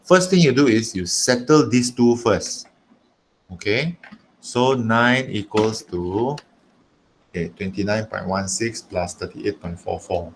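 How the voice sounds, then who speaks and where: A man's voice: fairly low pitch, measured pace, slight background noise. A man with a Malaysian English accent teaching an online maths lesson, chatty and emphatic, repeating himself and talking while he writes.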